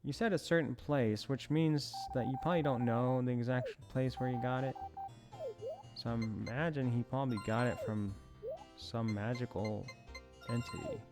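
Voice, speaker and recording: A man's voice: mid-range voice, moderate pace, over music. A man giving casual commentary as he plays a farming game, rambling with self-amused asides. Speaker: let's play host.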